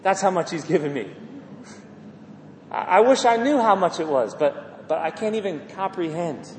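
A man preaching a sermon in a lively, animated way, often acting out quoted voices and repeating words as he builds a point. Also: high-pitched, moderate pace, slight background noise. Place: church hall. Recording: echoey hall with faint ambience.

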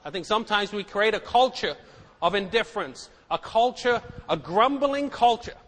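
Middle-aged male preacher, high voice, emphatic, repeats himself; hall echo. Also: expressive, moderate pace, fairly bright tone. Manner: emphatic, repeats words, asks the congregation questions. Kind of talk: sermon. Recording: echoey hall.

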